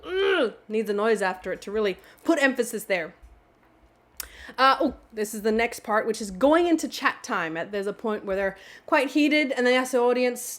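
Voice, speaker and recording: Playful, high-voiced woman explaining words. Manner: playful and animated, with little exclamations and noises. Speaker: vocabulary channel host. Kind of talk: casual vocabulary explanation.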